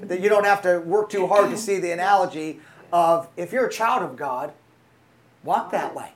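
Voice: medium pitch, moderate pace. A preacher delivering a sermon, telling a story with frequent fillers and restarts and calling out to the congregation for responses.

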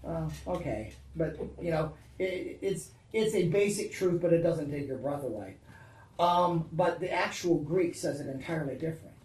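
Preacher, mid-range voice, conversational sermon style, swings from hushed to forceful; roomy, distant recording. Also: mid-range voice, expressive, normal speed. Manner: conversational preaching with frequent "right?" and "Amen?" calls to the congregation; swings from hushed, intimate passages to loud, emphatic ones. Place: church or large hall. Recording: roomy echo, picked up from a distance.

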